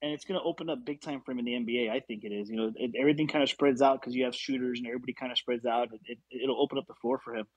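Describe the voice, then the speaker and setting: A man's voice: medium pitch, expressive, very fast, few pauses, breathy edge, no room sound, highs cut off. A man calling into a casual basketball talk show, rambling easily and stumbling over his words. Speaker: caller. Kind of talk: casual chat.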